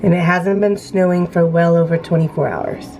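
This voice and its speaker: A woman's voice: lowish voice, steady tone, normal speed, mellow, soft background music, low-quality recording. A thirty-year-old woman chatting to the camera in a casual home vlog, narrating her day and coaxing her toddler along. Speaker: vlogger and mother. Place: family home indoors.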